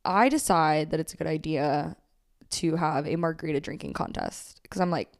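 Podcast co-host: young woman from Texas, slightly low voice, swears freely, laughs through her stories. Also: normal speed, vocal fry. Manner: profane, laughing, animated storytelling with many "like"s. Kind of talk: casual storytelling chat.

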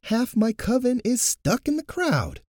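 A man voicing a frustrated high priest who shouts. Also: huge pitch swings, unhurried, no echo, clean studio sound, full character voice.

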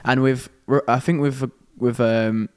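A young man co-hosts a relaxed podcast in an average male pitch. He jokes, laughs easily and keeps the chat moving. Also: measured pace, clean tone. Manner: jokey, easily distracted, laughs often. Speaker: podcast co-host. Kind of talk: casual chat.

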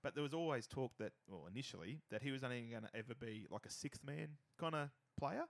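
A man talks sports in a loose, rambling way, swearing freely as he goes. His voice sits at a middling pitch. The sound is close and dry, with no room around it. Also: fast talker, vocal fry, no echo. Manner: profane, rambling and animated. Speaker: podcast co-host. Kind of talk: casual sports chat.

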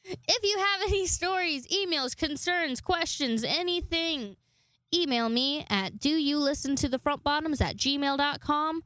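This young podcast host talks on her own in a high, fairly bright voice, taking her time. Her chat is rambling and casual, with frequent swearing and self-deprecating asides, recorded dry.

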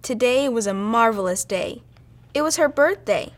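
A young woman reading a children's storybook aloud in a lively, expressive way. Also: a little high, moderate pace.

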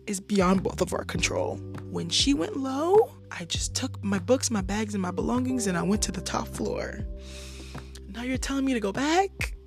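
A young woman in her twenties hosting a casual podcast, animated, swinging between loud venting and soft asides. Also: fairly high pitch, moderate pace, gravelly, music in the background. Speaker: podcast host.

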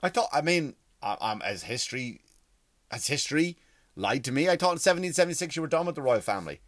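A man doing a profane, animated stand-up comedy rant on stage. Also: fast, no room sound, clean studio sound. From Ireland. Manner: profane, animated storytelling with sudden pitch jumps.

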